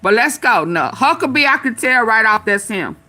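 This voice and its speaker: Sassy woman streamer, bright voice. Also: on the high side, lively intonation, normal speed. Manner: sassy, talks back at the clips; loose colloquial slang. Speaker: live-stream host. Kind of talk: casual live-stream commentary.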